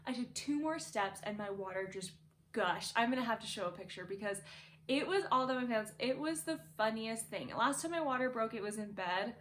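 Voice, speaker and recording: A woman's voice: a little high, animated, a little fast, a little hiss or hum. A young woman casually telling a birth story from her bedroom, chatty and laughing, full of "like".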